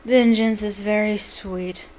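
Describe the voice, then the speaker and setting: A cold, sneering male wizard professor, put on by a woman reading a storybook aloud. He talks in a silky hiss, soft and menacing. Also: medium pitch, animated, moderate pace, lightly acted.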